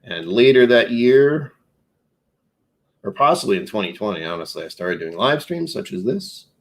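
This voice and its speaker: A man's voice: mid-range voice, big pitch swings, normal speed, vocal fry. A man hosting a casual whiskey livestream, rambling and joking at his own expense. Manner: rambling, self-mocking, jokey. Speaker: live streamer.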